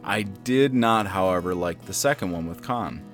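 Casting: relaxed, wry man, lower voice, faint guitar music under him. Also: moderate pace. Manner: laid-back, wry, says "dude" a lot. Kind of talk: casual chat.

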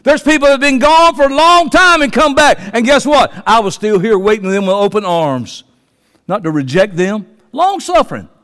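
Fiery preacher in a reverberant church. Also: male voice, very high voice, lively intonation, normal speed. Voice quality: passionate, swings from soft to shouting. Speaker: pastor. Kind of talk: fiery sermon. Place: church sanctuary. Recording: long reverb of a church hall.

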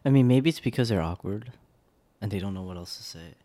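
A man co-hosting a podcast, calm and reflective, often answering with short reactions. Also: fairly low pitch, fairly quick. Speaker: podcast co-host. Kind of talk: casual chat.

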